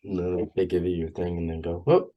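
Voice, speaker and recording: A young man with a Long Island accent, a guest in a casual podcast chat, relaxed and chatty, leaning on "like" a lot. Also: deep voice, quick pace, dull audio, slight background noise. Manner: relaxed, chatty, uses lots of "like". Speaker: guest, college wrestler.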